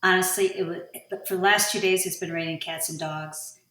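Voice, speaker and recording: A woman's voice: fairly low pitch, fairly even intonation, fairly quick, a bit bright, roomy sound, recorded from a distance, low-quality recording. A woman co-hosting a podcast, chatting in an easygoing way. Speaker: podcast co-host. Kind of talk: casual chat.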